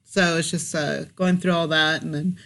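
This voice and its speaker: A woman's voice: deep voice, steady tone, normal speed, creaky, fairly bright tone. A woman co-hosting a podcast, talking candidly and emotionally in casual chat, often laughing. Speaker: podcast co-host.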